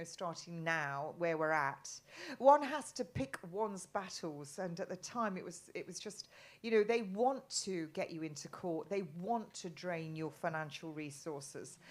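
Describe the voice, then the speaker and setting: Middle-aged woman from England, guest in a live chat, rambling with lots of restarts, lowish voice. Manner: rambling, many restarts and ums.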